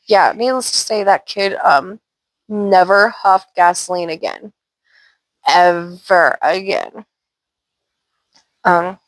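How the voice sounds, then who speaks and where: On her channel, a Washington State woman with a medium-pitched voice shares paranormal stories in a relaxed way, drifting into loose, chatty asides. The recording is dry.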